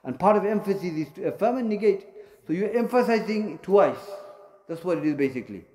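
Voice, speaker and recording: Recorded in an echoey room with a little hiss or hum, this mosque teacher speaks briskly in a high, warm voice with lively intonation. He answers students and explains things in short repeated phrases, using many fillers.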